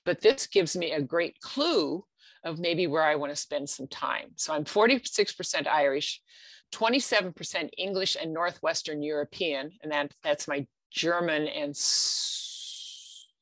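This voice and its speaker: Middle-aged US woman presenter, conversational, low-pitched, dry sound. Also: pushed and bright, dry recording. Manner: conversational, frequent "okay?" and restarts. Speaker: genealogy presenter. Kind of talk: explaining slides in a talk.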